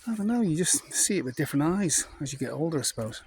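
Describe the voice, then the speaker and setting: A man's voice: on the high side, big pitch swings, fast talker, background noise. A man in his fifties with a North Welsh accent, telling anecdotes in a chatty, rambling way with plenty of fillers. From North Wales. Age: 50s. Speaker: vlogger. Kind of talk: casual anecdotal monologue.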